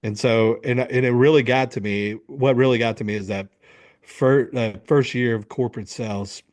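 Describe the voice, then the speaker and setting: A medium-pitched man speaking at a moderate pace, he's a middle-aged men's coach recounting a story in an interview. His delivery is animated, full of acted-out quotes and free swearing.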